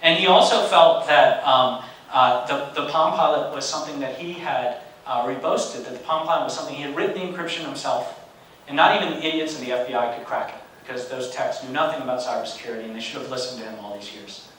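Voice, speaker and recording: A man in his forties giving a storytelling lecture as a guest speaker, animated and conversational with wry humor. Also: mid-range voice, quick pace, slight background noise. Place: large university lecture hall. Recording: echoey hall, distant mic.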